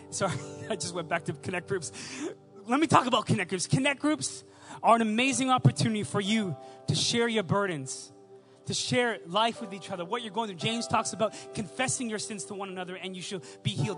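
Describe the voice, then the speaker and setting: A young man delivers a sermon in a strikingly high voice, weaving personal stories into emphatic, repeated appeals. Faint music plays underneath. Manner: storytelling, emphatic repetition. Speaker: preacher.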